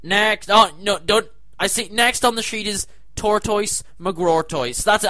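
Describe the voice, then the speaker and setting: A man hosting a comedy segment, ranting in disbelief with sudden loud outbursts. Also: high voice, unhurried, few pauses. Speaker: comedy show host. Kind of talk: comic rant to camera.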